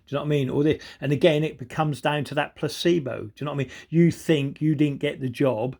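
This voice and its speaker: A man's voice: fairly high pitch, quick pace, gravelly, dark tone. A man delivering an angry, sweary monologue, constantly asking "do you know what I mean". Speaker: video commentator. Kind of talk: ranting monologue.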